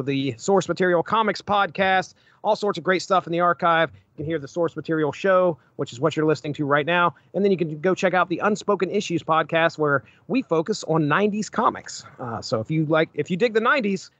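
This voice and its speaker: A man's voice: a little high, fairly bright tone, no echo. A man co-hosting a podcast in casual chat, easygoing, giving brief replies and reading the show's plugs. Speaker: podcast co-host. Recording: dry, dull lo-fi sound.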